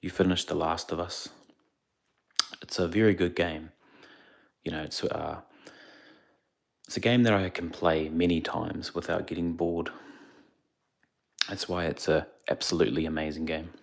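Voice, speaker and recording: A young man keeps his very low voice hushed and gravelly. He is chatting casually on a livestream into a phone. He speaks quietly because others nearby are sleeping. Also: fairly even intonation, unhurried, pauses often. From India. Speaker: streamer. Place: indoors away from home, others asleep.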